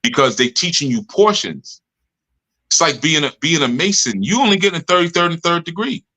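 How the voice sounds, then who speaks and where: Bright-voiced man giving a streetwise lecture. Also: animated, moderate pace. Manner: streetwise, joking, acts out followers' complaints in higher voice. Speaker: spiritual leader of a study group. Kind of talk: live study session talk.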